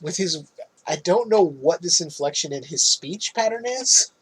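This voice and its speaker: A man with a slightly high, husky voice talks through a movie plot as a podcast co-host. His delivery is loose and casual, with swearing and frequent laughter. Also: animated, unhurried, poor audio.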